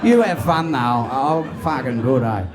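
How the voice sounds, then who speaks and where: A man's voice: medium pitch, lively intonation, a little slow, noisy background, lightly acted. A man doing an offhand Aussie bloke. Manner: casual, dismissive, swearing. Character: lazy offhand Australian bloke. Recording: live club with crowd laughter.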